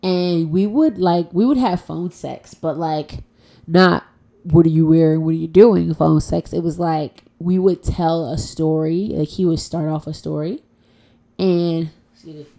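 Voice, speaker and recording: Woman rambling on her podcast at home, blunt and swears a lot, lowish voice. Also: steady tone, a little slow, mellow. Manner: frank, profane and playful. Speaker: podcast host. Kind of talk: casual solo podcast chat.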